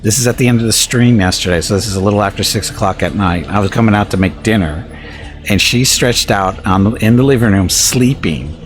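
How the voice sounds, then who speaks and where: A man's voice: on the low side, fairly quick. A male streamer chatting casually, telling a home anecdote with restarts and chuckles. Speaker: game streamer. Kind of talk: casual chat.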